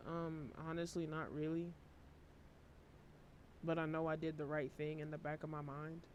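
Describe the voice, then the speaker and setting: A worn-out man giving a casual tarot reading to camera, talking in a flat, low-energy monotone and swearing casually. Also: normal speed, muffled recording, slight background noise. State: emotionally worn out. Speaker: tarot reader.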